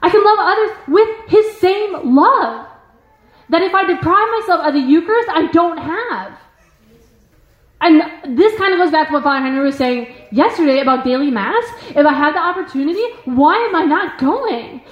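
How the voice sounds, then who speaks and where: A woman's voice: extremely high pitch, lively intonation, moderate pace. A woman, a religious sister, gives an informal spiritual talk. She speaks earnestly and emphatically, with many filler words and repeated phrases. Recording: echoey room, muffled sound.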